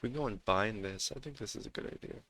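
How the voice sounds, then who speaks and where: A man's voice: fairly low pitch, fast talker, fairly bright tone, slight background noise. A man streaming live as he codes, muttering to himself, reading errors aloud and humming between tasks. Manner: mutters to himself while coding, hums and sings snatches. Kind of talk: casual live-coding stream.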